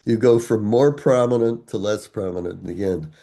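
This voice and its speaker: An older man being interviewed as an author, explaining his work in a deliberate way with frequent fillers. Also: fairly low pitch, gravelly, dark tone. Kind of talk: explaining and reciting verse.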